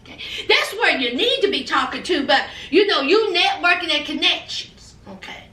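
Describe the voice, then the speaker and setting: A woman's voice: very high voice, animated, normal speed, pushed and bright. A woman hosting a casual gossip recap of a reality show, sassy and chatty, acting out what people said. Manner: sassy, chatty, acts out quotes in changing voices. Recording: echoey room, mic at a distance.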